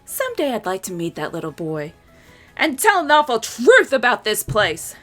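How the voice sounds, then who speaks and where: A cheeky six-year-old cartoon boy, sarcastic and full of imagination, as a woman puts him on while reading aloud. His voice sits high and bright and leaps about with excitement. It is a storybook-style read of comic-strip dialogue. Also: normal speed, soft background music.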